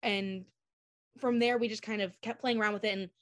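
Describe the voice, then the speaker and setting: An animated young woman chats about her work as a chocolatier in a casual interview. She keeps slipping into quoted voices, and her filler-heavy talk sits at a middle pitch. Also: brisk. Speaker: guest chocolatier.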